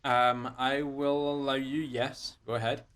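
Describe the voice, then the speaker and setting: A man's voice: medium pitch, level tone, unhurried, fairly bright tone, clear, resonant tone. A man narrating as game master over a voice call, loose and full of fillers.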